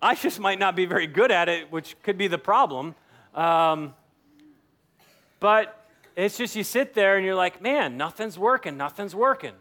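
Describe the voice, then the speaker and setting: A man preaches a sermon in a relaxed, conversational way. His voice sits high, and he slips into little acted-out snippets of everyday talk to make his points. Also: measured pace, pauses often. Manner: conversational preaching, acts out quoted dialogue. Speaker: pastor.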